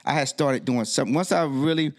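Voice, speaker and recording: Gravelly middle-aged man telling stories. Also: fairly high pitch, normal speed. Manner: animated storyteller who acts out quoted dialogue. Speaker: DJ and podcast guest. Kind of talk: casual interview storytelling.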